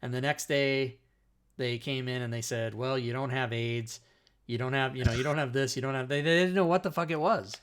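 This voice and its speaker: A man's voice: medium pitch, a little fast, clean tone. A middle-aged man telling a long personal story in casual chat as a talk show host. He rambles, swears a lot and keeps cutting himself off. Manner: rambling, profane, self-interrupting.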